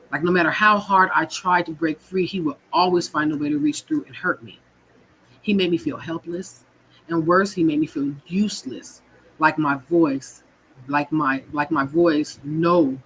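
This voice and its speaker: In this low-quality clip with slight background noise, a low-voiced woman from California shares her personal story as a guest. She speaks rawly, frankly and emotionally, cursing and repeating herself.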